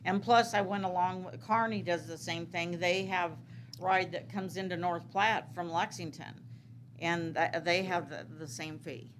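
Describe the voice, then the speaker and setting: A woman's voice: on the low side, steady tone, unhurried, a little hiss or hum. A woman answering questions at a city council meeting, rambling with many fillers and restarts. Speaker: city transit manager.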